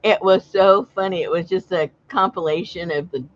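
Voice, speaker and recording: Here a woman from Southern California speaks at normal speed in a voice on the low side, chatting casually on a livestream. She tells stories and laughs frequently, and the sound is dull and lo-fi.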